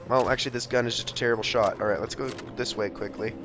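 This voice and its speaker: A young man giving jokey, excitable commentary over a video game he is playing, often talking to the characters on screen. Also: mid-range voice, fast talker, a little hiss or hum. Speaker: gameplay commentator. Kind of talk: let's play commentary.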